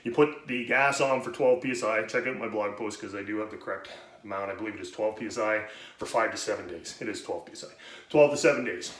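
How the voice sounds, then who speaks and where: A man hosts a home brewing video, giving a casual, rambling, profane how-to while interrupting himself and running out of breath. His voice is on the low side and quick, recorded in a roomy, echoey space with faint noise.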